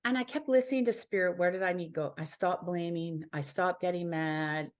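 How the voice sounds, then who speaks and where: A woman's voice: lowish voice, a little fast. A woman from Ontario, Canada, a healer and psychic, telling a personal story as an interview guest in an earnest, heartfelt way, repeating phrases for emphasis.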